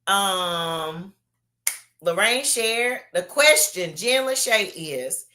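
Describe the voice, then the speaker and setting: A woman pastor hosting an online Bible study, chatting casually with drawn-out emphasis while reading viewers' comments aloud. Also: mid-range voice. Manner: animated, drawn-out emphasis, calls people baby.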